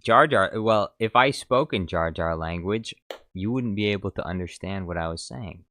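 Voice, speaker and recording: A man's voice: low voice, moderate pace, pushed and bright, a little hiss or hum. A man casually chatting as a streamer, rambling, self-mocking and reading out chat.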